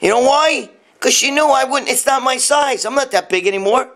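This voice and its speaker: A man's voice: extremely high pitch, brisk, fairly bright tone. A man in his late fifties hosting a casual live-stream rant, blunt and profane, rambling while answering viewer comments. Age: 50s. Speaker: live show host. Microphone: phone or webcam, live stream.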